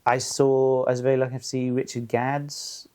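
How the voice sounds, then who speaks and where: A stand-up comedian guest chatting casually, with loose, filler-heavy talk and easy agreement. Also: male voice, medium pitch, flat delivery, normal speed, warm tone. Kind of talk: casual chat.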